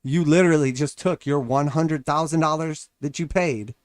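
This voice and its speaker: A man's voice: a little high, normal speed, dry recording, studio quality. Man rambling through market commentary. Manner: rambling, conversational, acts out quoted voices. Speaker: crypto and stock market livestream host. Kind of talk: casual livestream market commentary.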